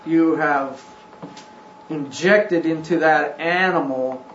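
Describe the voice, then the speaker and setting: A man teaching a scripture class. He talks haltingly, with frequent ums and restarts. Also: on the high side, a bit bright, slight background noise. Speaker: religious teacher. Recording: roomy, dull recording.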